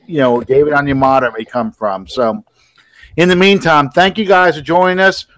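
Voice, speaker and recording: A man's voice: a little high, dry recording, poor audio. A man hosting a casual sports podcast, wrapping up the show in an easygoing way. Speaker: podcast host.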